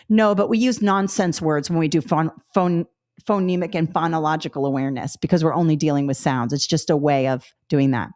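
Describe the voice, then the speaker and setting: A woman's voice: sits low, fairly quick, a little mellow. A woman teaching a live webinar as a test prep instructor. She talks upbeat and models speech sounds with drilled repetition, checking in with listeners often.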